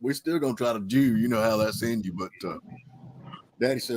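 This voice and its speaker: Fast-talking man telling car stories. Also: medium pitch, expressive, a little mellow, no room sound. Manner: fast folksy storytelling with Southern idioms. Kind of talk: casual chat about cars.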